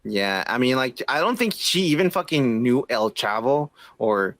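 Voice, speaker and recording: A man's voice: medium pitch, lively intonation, normal speed, fairly bright tone, no room sound. A man from Mexico co-hosting a casual podcast, agreeing often and rambling with fillers like "like" and "I mean.". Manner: agreeable, frequent yeah backchannels, rambling with fillers. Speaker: podcast co-host.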